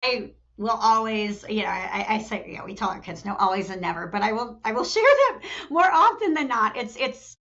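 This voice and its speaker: A woman's voice: fairly quick, few pauses. A middle-aged woman speaking as a podcast guest, telling stories animatedly and acting out quotes, with frequent restarts and "you know.". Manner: animated storyteller, acts out quotes with jumps in pitch. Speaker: talent development executive, podcast guest. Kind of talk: conversational interview. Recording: dull lo-fi podcast audio.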